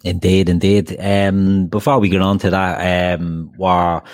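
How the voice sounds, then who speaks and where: A man hosts a casual football podcast, speaking low and fairly even. He calmly introduces each guest and steers the conversation. The sound is dry and close. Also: a little slow, no echo. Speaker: podcast host.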